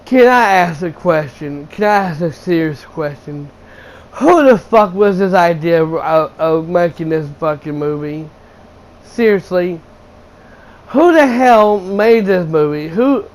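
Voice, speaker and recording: Brief: high-pitched young male vlogger, slow deliberate delivery, blunt profane exasperated rant. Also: lively intonation, rough recording. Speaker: video game channel host reviewing a movie. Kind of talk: casual ranting review.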